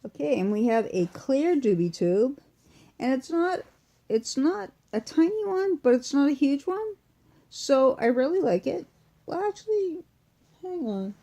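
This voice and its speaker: A woman's voice: high voice, very animated, a little slow, dark tone. A woman with a Massachusetts accent, rambling casually through an unboxing video while sick and weak, full of fillers and restarts, recorded at home on a phone or webcam. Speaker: vlogger. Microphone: phone or webcam close in front.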